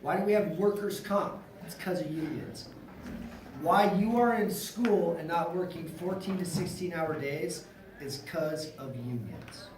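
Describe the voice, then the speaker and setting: Guy teaching a class, loud and slangy, acting stuff out, echoey room, mic kinda far off. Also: on the high side, measured pace, noisy background. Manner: animated, slangy, acts out quotes. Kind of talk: classroom lecture with role-play.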